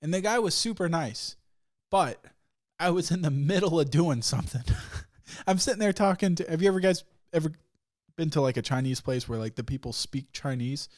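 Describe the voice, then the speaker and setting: Profane rambling young man, higher voice. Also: lively intonation, moderate pace. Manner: profane, rambling storytelling, laughs often. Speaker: podcast host. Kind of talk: casual solo podcast rant.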